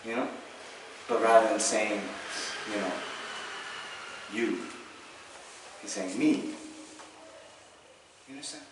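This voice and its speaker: A man teaching a Buddhist class in a conversational way, often checking in with his students and acting out ordinary views in quick asides. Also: on the low side. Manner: conversational, checks in often with "right?" and "you understand?". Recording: echoey hall, distant, faint hiss.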